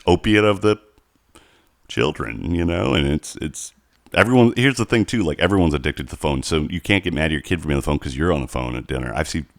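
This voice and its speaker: Deep-voiced man telling animated stories. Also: fast talker, vocal fry, no room sound, clean studio sound. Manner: animated storytelling, heavy swearing. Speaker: podcast co-host. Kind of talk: casual podcast chat.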